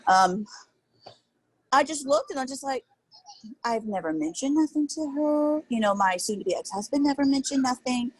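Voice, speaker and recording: A woman's voice: high-pitched, lively intonation, moderate pace, husky, rough recording. A woman in her thirties, an interview guest telling a candid personal story in an earnest, emotional, rambling way.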